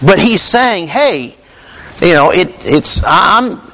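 A man's voice: sits high, expressive, slow pace, bright, forceful tone, slight background noise, poor audio. A man preaching a sermon in a conversational, storytelling way, calling out to his congregation. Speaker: pastor.

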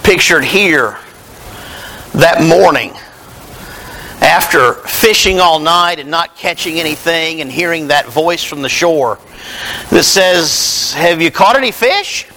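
A male pastor preaching a sermon, retelling Bible stories and acting out their dialogue in an animated way. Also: on the high side, slow pace, slight background noise.

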